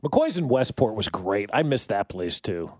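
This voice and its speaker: A man's voice: lowish voice, a little slow, no room sound, studio quality. A man with a Kansas City accent, hosting a sports radio show and chatting casually while reading out listener texts. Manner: joking, lively, reads out listener texts. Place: radio studio. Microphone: studio mic.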